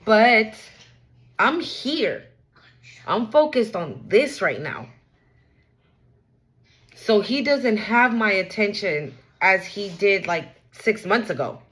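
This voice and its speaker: Casting: young woman, casual card reader, blunt, loose slang, middle pitch. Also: sing-song, slow, long pauses, fairly bright tone, poor audio. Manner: frank, repetitive, streetwise slang. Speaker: tarot reader. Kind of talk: casual spiritual reading.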